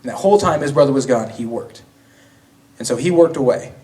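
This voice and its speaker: A man's voice: mid-range voice, expressive, brisk, a little mellow. A young man preaching a sermon in a casual, slangy way, retelling a story with frequent restarts in a church. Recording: voice from a distance.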